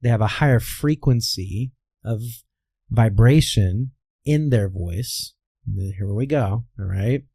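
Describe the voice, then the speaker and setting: In a dry recording, a low, husky, warm voice with vocal fry takes its time. It belongs to a Kansas voice coach with a softened Midwestern American accent who, as an interview guest, explains through anecdotes and checks in with "all right" often.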